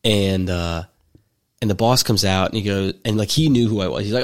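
A man's voice: fairly low pitch, brisk. A man in his twenties telling a story in casual chat, rambling with many fillers and restarts, and wry and jokey in his delivery. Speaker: podcast storyteller.

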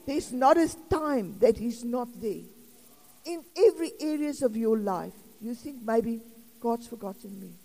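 South african lady in her 60s giving a rambly church talk, mellow voice, big hall echo. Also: fairly high pitch, lively intonation, measured pace, vocal fry. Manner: chatty, laughing asides, rambling. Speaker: preacher. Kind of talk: informal sermon. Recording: long reverb of a hall.

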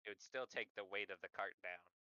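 A man's voice: on the low side, brisk, sharp tone, clear, resonant tone, no echo, highs cut off. A man playing in a casual tabletop game, speaking of his character in the third person.

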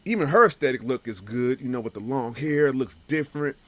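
Excitable man with a bright voice. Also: medium pitch, fast. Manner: excitable, emphatic, breaks into loud bursts. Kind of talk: casual chat.

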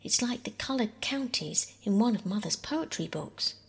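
A woman's voice: medium pitch, expressive, moderate pace, breathy edge. A woman voicing Bobbie, an eager, enthusiastic girl, in a storybook reading. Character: eager older girl Bobbie, warm and keen.

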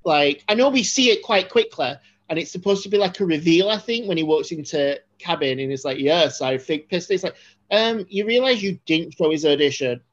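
A woman co-hosting a podcast talks through a film in casual, rambling chat. She restarts her sentences often and gets animated. The audio is a little dull and lo-fi. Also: fairly low pitch, fairly quick. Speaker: podcast co-host.

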